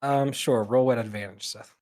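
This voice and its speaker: A man narrating as game master of a tabletop game, relaxed and meandering with many fillers. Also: medium pitch, moderate pace.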